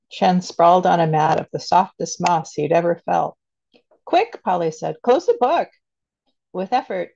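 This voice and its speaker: A woman author reads her story gently in a lower, gravelly voice. The recording sounds dull and lo-fi. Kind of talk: reading fiction aloud.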